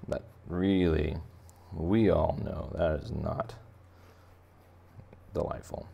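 Man, deep and gravelly, for a playful kids' drawing tutorial; casual and jokey. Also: fairly even intonation, slow pace, pauses often, warm tone, highs cut off. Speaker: art teacher. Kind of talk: drawing lesson for kids.

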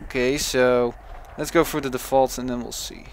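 A man's voice: mid-range voice, level tone, moderate pace, a bit bright, slight background noise. A young man with a Dutch accent, chatting casually and thinking aloud as he plays a video game. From Netherlands. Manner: chatty, thinks aloud with restarts and self-talk. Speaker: let's play gamer.

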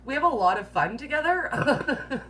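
A woman's voice: high voice, sing-song, a little slow, fairly bright tone, a little hiss or hum. A woman hosting a casual live-stream Q&A, chatty and joking, often laughing at her own jokes and using 'like' a lot. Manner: filler-heavy, says 'like' constantly. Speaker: host of a live keto Q&A.

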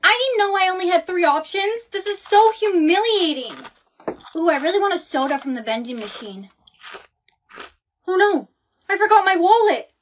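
A woman's voice: extremely high pitch, expressive, normal speed, pauses often, slight background noise. A young woman acting in a scripted comedy skit, with exaggerated, dramatic delivery. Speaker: skit creator playing the lead.

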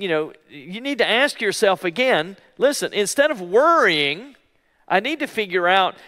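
A male pastor preaching a sermon in an emphatic way, repeating key phrases slowly for weight. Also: high voice, pushed and bright, in a large hall. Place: church.

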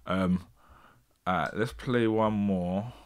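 A man's voice: lowish voice, slow pace, clear, resonant tone. A man hosting a casual livestream, thinking aloud and reading out viewer comments. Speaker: host.

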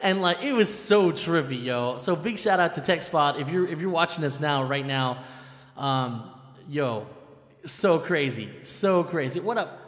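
A man with a high voice chats casually as the host of a live music show. He tells stories in an excitable, animated way, leaning on "I'm like" and the odd curse. The sound is roomy and echoey with a long reverb. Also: measured pace. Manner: animated, excitable storyteller who keeps saying "I'm like" and curses at times. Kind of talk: casual live-stream chat and storytelling.

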